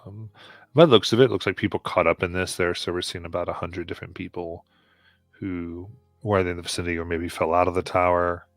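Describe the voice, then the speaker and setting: A man narrating a tabletop game as game master, halting often with ums and uhs on a live stream. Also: low voice, fairly even intonation, no room sound, faint music behind.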